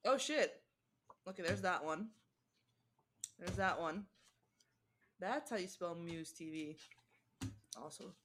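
A woman co-hosting a relaxed podcast, talking casually and swearing freely. Her pitch swings about a lot, her tone is bright, and she laughs often. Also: slow, pauses often, slight background noise. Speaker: podcast co-host. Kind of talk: casual chat.

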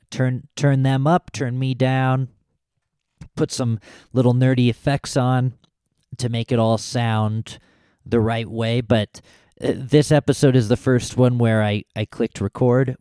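Chatty podcast host, dark dry voice. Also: male voice, medium pitch, steady tone, measured pace, clean tone, dry recording. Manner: chatty, self-deprecating, with small restarts. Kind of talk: casual podcast monologue. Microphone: close studio podcast mic.

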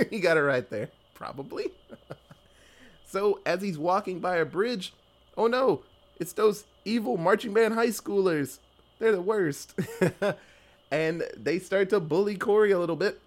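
A young man casually recapping a horror movie, swearing freely, laughing often and briefly acting out the characters' lines. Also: sits high. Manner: loose and profane, acts out characters in quick voices, laughs often. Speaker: podcast co-host recapping a movie.

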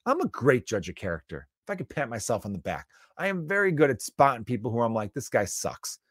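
A man's voice: mid-range voice, very animated, quick pace, a bit bright, dry recording, clean studio sound. A man in his thirties hosting a comedy podcast, riffing in a profane, joking monologue. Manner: profane, riffing, mock impressions.

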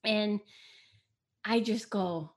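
Lively storytelling mother, middle-aged. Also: mid-range voice, drawn-out words. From United States. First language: Italian. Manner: lively storyteller, acts out quotes. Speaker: guest, host's mother. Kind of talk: casual chat. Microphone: camera mic in home setting.

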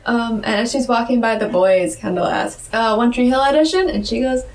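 A woman co-hosting a casual podcast recap, animated and laughing, with playful asides. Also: a little high, fairly quick. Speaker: podcast co-host. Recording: distant mic with faint noise.

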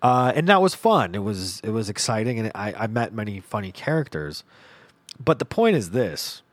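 Animated, profane male storyteller. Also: on the low side, moderate pace, no echo. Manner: animated, profane, laughs through his story. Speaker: podcast host. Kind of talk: comedic storytelling monologue.

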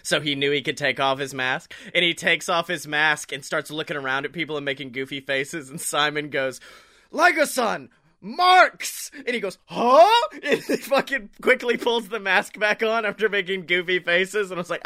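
A man with a high, bright voice chatting casually on a podcast. He talks in an animated way, swears freely and laughs a lot. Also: a little fast, hardly any pauses. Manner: animated, swears a lot, laughs often, does silly impressions. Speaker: podcast co-host. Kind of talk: casual wrestling chat.

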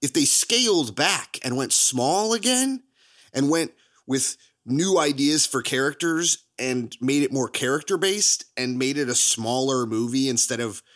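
A man co-hosting a podcast, chatting casually about movies, laughing often and jumping high in pitch for emphasis. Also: animated, unhurried, a bit bright. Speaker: podcast co-host.

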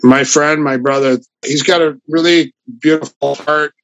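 Gravelly-voiced older man telling stories. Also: on the high side, normal speed, no room sound, muffled recording. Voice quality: gravelly voice from a flattened throat. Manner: rambling, animated anecdotes with restarts. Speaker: guest, grappling fighter and coach. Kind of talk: casual storytelling in an interview.

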